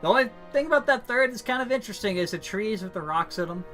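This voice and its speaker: Brief: male esports play-by-play caster, playful and teasing, fairly high voice, clear music bed. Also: expressive, quick pace, sharp tone. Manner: playful, teasing, laughs often.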